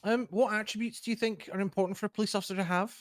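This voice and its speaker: A woman playing a police interviewer in a game role-play, asking brisk, matter-of-fact questions. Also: medium pitch, steady tone, no room sound, clean studio sound.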